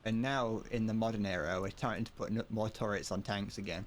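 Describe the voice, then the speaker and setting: A man's voice: on the low side, brisk, slight background noise. A man streaming a game, chatting casually, rambling and joking with viewers and swearing freely. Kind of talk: casual gameplay commentary.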